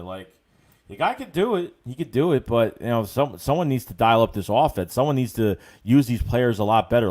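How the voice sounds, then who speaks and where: A man's voice: mid-range voice, darkish tone. A man hosting a casual sports livestream, reading viewers' comments aloud and answering them in a blunt, profane way with many fillers and repeated words. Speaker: livestream host reading fan chat.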